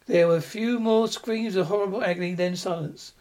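A man's voice: high voice, brisk, a little mellow. A man narrating a dramatic story aloud.

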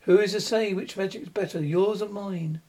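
Male narrator plays a mad warlock, shrill, frantic, boastful, high voice. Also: fairly even intonation, normal speed, darkish tone. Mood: raving.

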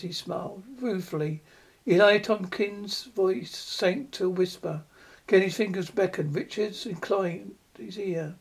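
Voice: mid-range voice, measured pace, slightly rough. A reader narrating a short story aloud, with an uneven pace and occasional restarts.

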